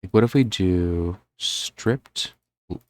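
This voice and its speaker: Low-voiced New Jersey streamer thinking aloud. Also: male voice, slow pace, darkish tone, dry recording, studio quality. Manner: rambling, thinking aloud with frequent fillers. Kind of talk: live-stream gameplay commentary.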